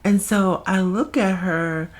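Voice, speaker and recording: A woman's voice: mid-range voice, steady tone, slow. A young adult woman telling a casual story to her viewers, chatty, with frequent asides and restarts. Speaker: storytime vlogger.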